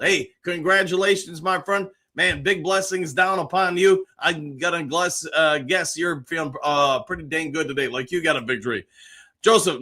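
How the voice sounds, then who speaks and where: A man hosting a live stream, reading viewer comments aloud and answering each with a quick, upbeat reply. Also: high-pitched, bright, forceful tone. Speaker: show host reading live chat. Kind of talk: casual live-stream chat.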